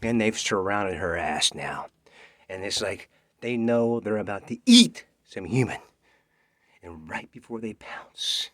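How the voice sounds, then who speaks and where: Husky man telling a scary story. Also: fairly low pitch, lively intonation, slow, a bit bright, no room sound. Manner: dramatic, dropping into whispers. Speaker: actor auditioning. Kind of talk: dramatic storytelling. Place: home self-tape.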